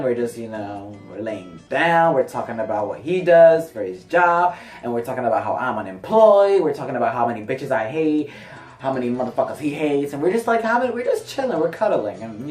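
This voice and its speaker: A young man telling a casual, profane story in an animated, chatty way, full of fillers and sudden high pitch jumps. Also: recorded from a distance. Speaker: vlogger. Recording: roomy sound from off-mic, faint music.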